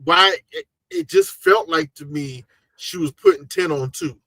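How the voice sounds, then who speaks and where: A man hosting a casual live podcast chat, talking in an animated, slangy, jokey way. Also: on the high side, measured pace, creaky, no echo. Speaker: podcast host.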